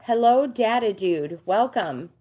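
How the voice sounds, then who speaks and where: A woman's voice: fairly high pitch, animated, takes it slowly, dark tone. An older woman hosting a casual livestream, chatting with viewers and reading tarot card meanings aloud.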